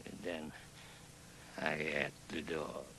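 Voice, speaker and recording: An actor playing a wild, menacing lone trapper in a filmed drama, swinging between threats and hushed confession. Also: male voice, mid-range voice, big pitch swings, takes it slowly, background noise, exaggerated voice. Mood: brooding. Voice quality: gravelly, threatening then hushed. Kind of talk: film drama acting.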